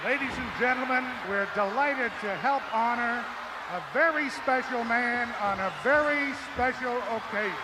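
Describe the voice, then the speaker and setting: Formal high-voiced man reading a tribute. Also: moderate pace, over a noisy crowd, very noisy. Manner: formal, ceremonial, reading aloud. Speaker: league president. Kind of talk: formal presentation speech.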